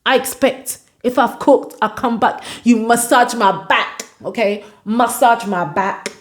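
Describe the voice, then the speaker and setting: A woman's voice: a little high, steady tone, measured pace, close to an everyday voice. A woman voicing a demanding young woman who insists on being shown appreciation with gifts.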